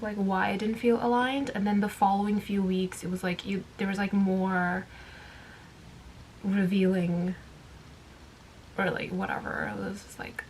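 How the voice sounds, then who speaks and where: A woman's voice: mid-range voice, darkish tone, slight background noise. A woman vlogger talking in a casual, rambling way, candid and full of "like" and "um" fillers. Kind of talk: casual chat.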